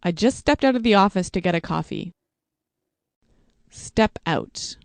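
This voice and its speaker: Slow, measured woman reading vocabulary. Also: mid-range voice, animated, dry recording. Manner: slow, deliberate, evenly paced reading. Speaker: English teacher. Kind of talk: reading vocabulary words and example sentences.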